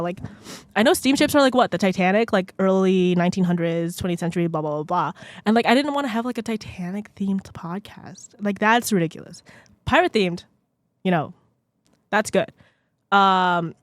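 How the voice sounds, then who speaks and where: A woman's voice: no echo, studio quality. A young woman hosting her own podcast, rambling and self-deprecating in casual chat, filling every sentence with "like" and drifting off the microphone now and then. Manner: lively swings in pitch and loudness. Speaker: podcast host. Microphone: podcast microphone, sometimes speaking away from it.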